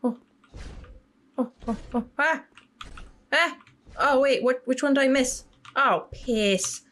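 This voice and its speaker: A woman's voice: sits high, takes it slowly, fairly bright tone. A young woman commenting on a horror game. She gets jumpy, swears, laughs nervously and shrieks when chased. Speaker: gaming YouTuber.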